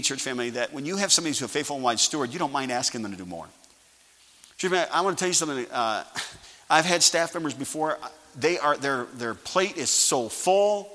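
A male pastor preaching a sermon, calling for amens and swinging from quiet asides to loud emphasis. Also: on the high side. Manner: preaching with call-and-response. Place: church sanctuary. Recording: live church sanctuary with long reverb.

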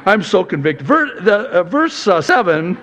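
A man preaching a sermon as pastor, conversational and playful, with lively asides and acted-out quotes. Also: high voice, moderate pace, slight background noise. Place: church sanctuary.

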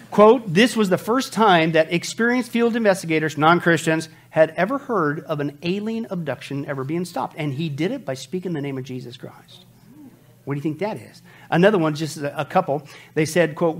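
A man preaching a sermon as pastor, emphatic, throwing rhetorical questions at the congregation and dropping from loud bursts to quiet asides. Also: a little fast. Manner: swings from loud outbursts to low asides.

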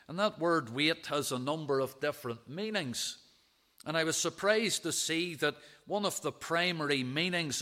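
A man preaching a sermon, reading out scripture verses and dwelling on them in a measured, emphatic way. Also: a little high, bright, forceful tone.

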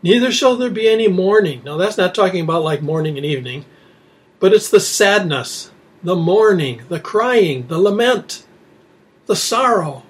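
A man preaching an expository sermon, reading scripture aloud and explaining it with rhetorical questions. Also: sits high. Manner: rhetorical questions, dropping to quiet emphasis.

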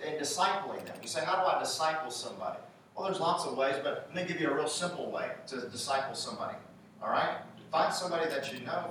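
A man's voice: on the high side, a bit bright, slight background noise. A man preaching a sermon, conversational and encouraging, asking the congregation questions. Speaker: pastor. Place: church sanctuary. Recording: echoey room, voice from a distance.

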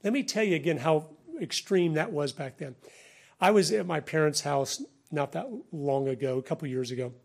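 A middle-aged American man giving a conversational sermon-style talk, animated and laughing between points. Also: fairly high pitch, moderate pace, creaky.

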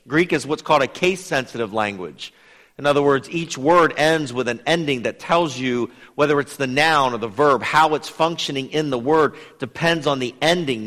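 A man teaching a Bible study in a lively, conversational way, putting questions to his listeners. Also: fairly high pitch, long reverb tail. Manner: lively, asks the audience questions.

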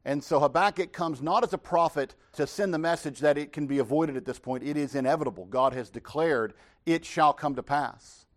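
A man preaching a midweek sermon, speaking calmly in places and rising to impassioned pleading when he voices the prophet. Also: brisk. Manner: rises to impassioned pitch when voicing the prophet's cries. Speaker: pastor.

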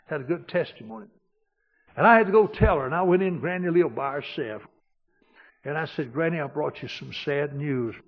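A man, a pastor preaching a homespun storytelling sermon that drops quiet and then swells loud for emphasis. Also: a little high. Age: 60s. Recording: dull lo-fi recording.

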